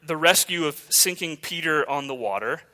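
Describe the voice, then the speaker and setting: A male pastor preaching a sermon with animated storytelling, dropping suddenly into quiet asides. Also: fairly high pitch, normal speed.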